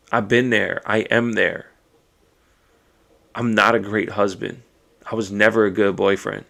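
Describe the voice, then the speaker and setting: A man's voice: on the low side, gravelly, a bit bright. A man hosting a podcast, speaking alone in a raw, emotional and profane way as he thinks aloud. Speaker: podcast host. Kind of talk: personal monologue.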